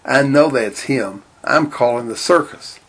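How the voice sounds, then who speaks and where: A man voicing a blunt, self-centered father in a read-aloud story, gruff and dismissive. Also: medium pitch, measured pace, a bit bright.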